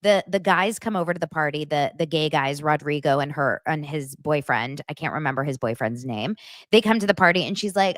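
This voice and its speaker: A young woman's voice sits low and moves fairly quickly on a dry recording. As a podcast host, she keeps the pop-culture chat casual, retelling reality-show moments with lots of fillers.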